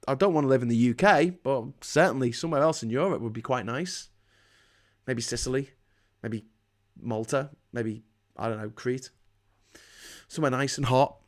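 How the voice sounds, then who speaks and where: A man hosts a live stream in a mid-pitched voice. He rants sarcastically and swears freely, and he often stumbles and restarts his sentences. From United Kingdom. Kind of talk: live-streamed political rant.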